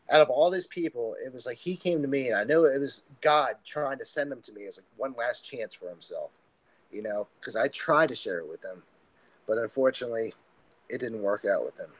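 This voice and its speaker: A man talks as a guest on a podcast, recounting events in a loose, rambling flow full of ums and likes. His voice sits at an ordinary middle pitch. The sound is dry and close to the mic, with no room around it. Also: dry recording, rough recording. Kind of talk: casual spoken testimony.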